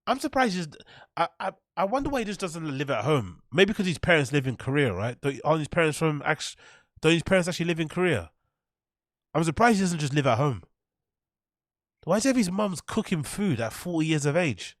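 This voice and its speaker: A man's voice: fairly high pitch, sing-song, brisk, dry recording, studio quality. A man hosting a reaction show, ranting in mocking, incredulous, sweary bursts. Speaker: host. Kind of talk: reaction commentary.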